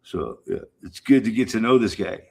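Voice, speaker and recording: A man's voice: fairly low pitch, moderate pace, gravelly. A middle-aged man chatting casually and rambling to his stream viewers, swearing freely and repeating himself. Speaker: livestream host.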